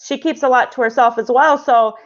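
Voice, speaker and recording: A woman with a fairly high voice chats casually about spiritual matters, rambling and restarting her sentences as she goes. The sound is muffled and lo-fi. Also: brisk. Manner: rambling, many restarts, laughs often. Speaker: podcast host.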